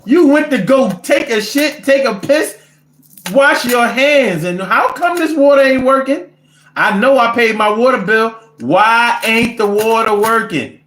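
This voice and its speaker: A man, telling comic stories and reading viewer comments in a profane, animated, rambling way. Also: very high voice, a little slow, reverberant, a little hiss or hum. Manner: animated, profane, rants with repetition. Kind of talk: casual comedic storytelling.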